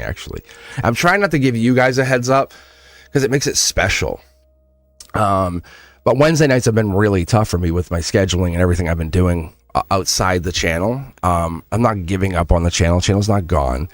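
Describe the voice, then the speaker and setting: Sitting low in pitch, with no room sound, a man does a live-streamed tarot reading. He keeps it casual and animated, laughing often and talking directly to viewers.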